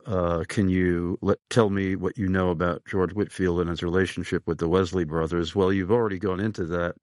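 A man's voice: deep voice, fairly even intonation, a little fast, darkish tone, no room sound, studio quality. A man hosting a talk show, relaying a listener's question and plugging a resource. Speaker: radio show host.

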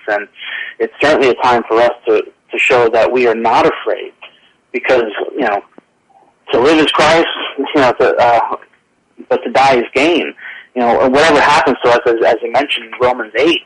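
A man as a guest on a radio interview, speaking earnestly with many fillers and restarts. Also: mid-range voice. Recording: tinny phone line.

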